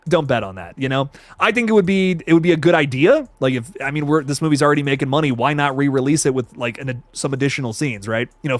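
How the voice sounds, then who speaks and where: Excitable young man chatting on a livestream. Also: a little high, dry recording. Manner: excitable, profane, reads chat comments aloud. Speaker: horror movie reviewer on livestream. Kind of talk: casual livestream chat.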